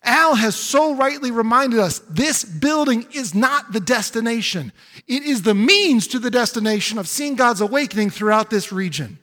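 High, bright-voiced preaching pastor. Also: male voice, lively intonation, normal speed, big-room sound. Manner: preacherly, building to emphatic exclamations. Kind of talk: sermon. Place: church sanctuary.

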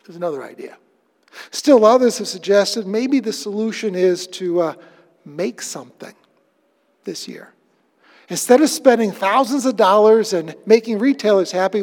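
A man preaching a sermon, with a conversational, animated storytelling manner. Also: high voice, normal speed, creaky, long reverb tail. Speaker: pastor.

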